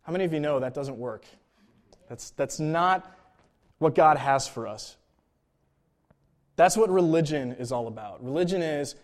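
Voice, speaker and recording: A man preaching a sermon in a relaxed, conversational way, often checking in with "right?" and "like.". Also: a little high, moderate pace. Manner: casual, informal, frequent "like" and "right?" check-ins.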